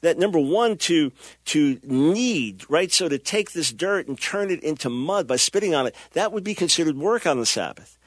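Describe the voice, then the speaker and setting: A man's voice: fairly high pitch, expressive, moderate pace, dry recording, studio quality. A middle-aged man hosting a radio talk show, preaching with impassioned, emphatic delivery and acting out the people he quotes.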